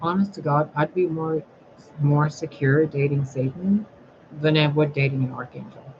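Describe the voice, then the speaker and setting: A woman's voice: low-pitched, normal speed, lo-fi sound, a little hiss or hum. A woman speaking as a spiritual reader in a blunt, sarcastic, crude casual vlog monologue.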